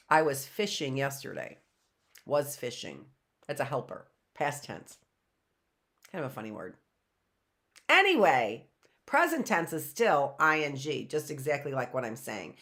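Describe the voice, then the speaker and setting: A woman's voice: sits low, big pitch swings, measured pace, long pauses, a bit bright. A middle-aged woman teaching an online phonics lesson, patiently repeating and sounding out words for young learners.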